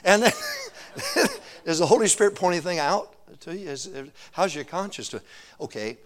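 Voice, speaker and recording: A man's voice: sits high, moderate pace. A middle-aged man preaching a sermon, telling stories, laughing often and calling for answers from the congregation. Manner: animated, calls for answers from the congregation.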